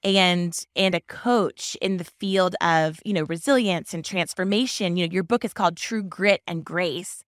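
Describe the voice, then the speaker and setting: A woman's voice: on the low side, normal speed, hardly any pauses, dry recording, clean studio sound. Upbeat woman podcast host. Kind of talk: casual interview chat.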